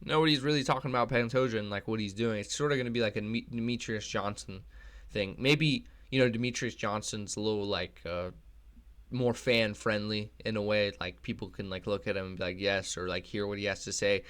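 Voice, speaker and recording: A man's voice: on the low side, fairly even intonation, a little fast, a bit bright, clean tone. A young man hosting a channel and rambling through casual commentary, with lots of swearing and restarts. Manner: rambling, profane, many restarts. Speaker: channel host.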